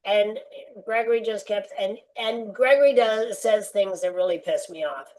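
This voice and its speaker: On a rough recording, an older woman appears as a podcast interview guest and tells a long personal story. Her mid-range voice moves at a moderate pace, and she's a lively anecdotal storyteller who acts out the voices of the people she quotes.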